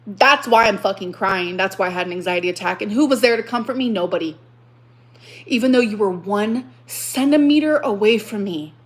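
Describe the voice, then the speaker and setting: A woman's voice: mid-range voice, normal speed. A woman on a live stream, telling a story in an agitated, emotional rant, repeating herself and swearing.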